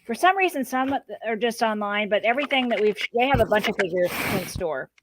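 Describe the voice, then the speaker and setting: A woman's voice: mid-range voice, lively intonation, fairly quick, background noise. A woman hosting a casual livestream chat, chatty and playful, thinking aloud with fillers. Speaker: host.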